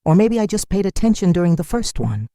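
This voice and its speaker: Narrator doing a quiet, thoughtful young man, warm and calm. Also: medium pitch, fast, no room sound, studio quality, voice pushed up, close to an everyday voice. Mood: gentle. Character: calm, wise young male CEO in disguise.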